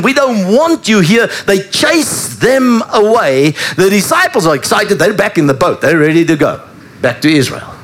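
A male pastor preaches to his congregation and tells the story with animated flair. His voice sits high for a man, and his pitch leaps up and down as he speaks. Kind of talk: sermon.

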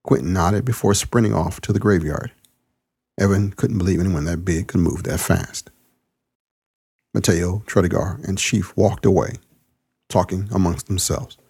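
A man's voice: deep voice, fairly even intonation, moderate pace, creaky, darkish tone, breathy edge. A man hosting his podcast, reading a story aloud and then chatting in a laid-back, slangy way. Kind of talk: audiobook narration and casual chat.

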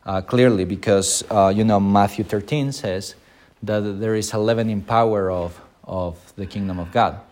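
Lowish-voiced male pastor teaching. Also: steady tone, normal speed, darkish tone. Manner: frequent filler sounds, acts out quoted speech in raised voices. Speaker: pastor teaching Sunday School. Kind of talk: unscripted Bible lesson.

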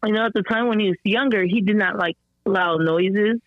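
A woman as a podcast guest telling a story about her son in a rambling, animated way, full of fillers and restarts, her voice slightly strained, as she acts out the people she quotes. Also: medium pitch, fairly quick, dry recording. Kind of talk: conversational storytelling interview. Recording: dull lo-fi dry sound.

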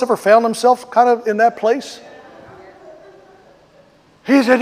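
A man with a high voice preaches a sermon outdoors, telling stories and dramatizing what people said. His voice rings with a long reverb tail. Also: flat delivery, slow pace, long pauses. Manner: storytelling, rising to emphatic when acting out quotes. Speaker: pastor. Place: outdoors on a street.

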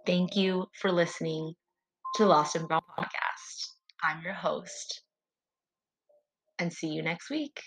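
A woman's voice: lowish voice, fairly even intonation, slow pace, long pauses, low-quality recording. A woman hosting a solo faith podcast, talking in an earnest, prayerful and heartfelt way. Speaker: podcast host.

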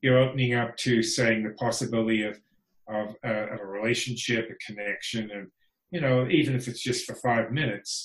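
A man's voice: mid-range voice, a bit bright. A man talking as a podcast guest in casual conversation, wry and frank, laughing often. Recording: echoey room.

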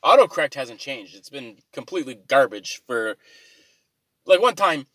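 A man's voice: mid-range voice, very animated, normal speed, fairly bright tone, no room sound. A man rambling through an exasperated, profane comic rant to his viewers, swearing freely as he complains. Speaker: vlogger.

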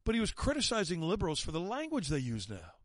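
A talk radio host, a man, delivers an indignant, sarcastic rant. His voice sits a touch high for a man and swings widely in pitch. The sound is close and dry, with no room around it. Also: huge pitch swings, quick pace, dry recording. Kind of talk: opinionated talk radio monologue.

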